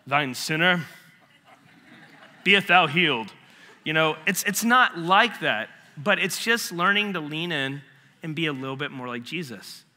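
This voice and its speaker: A man's voice: a little high, moderate pace, pushed and bright, big-room sound. A man giving a casual, story-driven sermon, acting out conversations as he retells them. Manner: storytelling, acts out both sides of a dialogue. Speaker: preacher.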